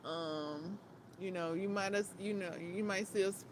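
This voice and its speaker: A woman's voice: medium pitch, moderate pace, noisy background. A woman vlogger chatting casually about a movie, giggling often and repeating her words.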